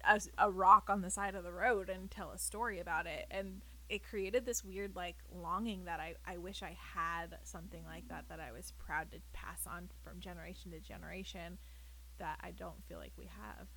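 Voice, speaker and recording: A woman's voice: lowish voice, moderate pace, pushed and bright, a little hiss or hum, low-quality recording. An American woman in casual conversation, talking animatedly and laughing often. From United States. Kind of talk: casual chat.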